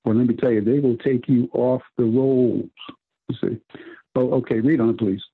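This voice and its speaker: A man preaching on a radio Bible program, talking in halting bursts with many restarts and tag questions. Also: medium pitch, fairly even intonation, breathy edge, no room sound. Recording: tinny phone-line radio broadcast.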